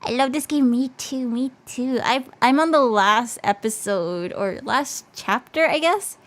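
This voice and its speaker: A woman's voice: a little high, a little slow. A woman streaming as a VTuber in casual chat, bubbly and talkative, her voice worn and fading. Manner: bubbly and chatty, switching between English and Japanese.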